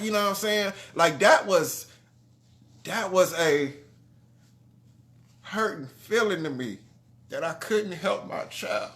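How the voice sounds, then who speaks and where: With a high voice, a slow pace, and frequent pauses, an adult man with grown sons recounts a heartfelt personal story to his audience. His earnest, conversational telling keeps checking in with "you know what I'm saying" and features trailing restarts and gentle drops in level.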